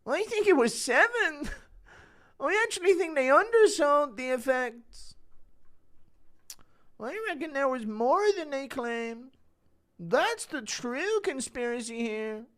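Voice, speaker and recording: A female-sounding synthetic voice reading chat messages as a meek, preachy, self-pitying young man in a flat, measured way. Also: high-pitched.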